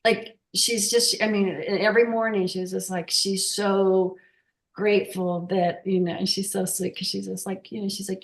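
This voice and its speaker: Woman, guest speaker, casual storytelling, halting, lots of restarts, roomy echo. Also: medium pitch, fairly even intonation. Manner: halting, with many restarts and fillers.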